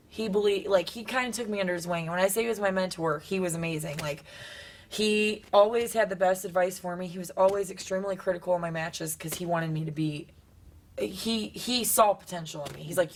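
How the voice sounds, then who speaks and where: Young woman wrestler, kinda low voice, animated storytelling, bit of hiss behind. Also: fairly quick. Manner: animated, acts out quotes with sudden high bursts. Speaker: wrestler being interviewed. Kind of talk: casual storytelling interview.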